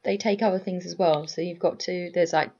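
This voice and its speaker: A woman's voice: on the low side, steady tone, brisk, creaky, warm tone, a little hiss or hum. A woman co-hosting a podcast, chatting in an easygoing way about an episode. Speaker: podcast co-host. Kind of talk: casual recap chat. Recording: dull lo-fi recording.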